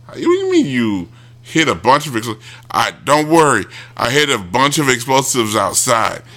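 A man casually retelling a show, rambling with many restarts and mimicking people in high yelps. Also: huge pitch swings, moderate pace, pushed and bright. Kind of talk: casual commentary.

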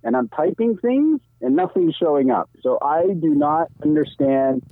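A man's voice: on the high side, very animated, moderate pace, vocal fry, no room sound. A man calling into a podcast by phone, cheerful and joking about being bad with technology. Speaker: caller. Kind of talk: casual phone-in chat. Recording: tinny phone line.

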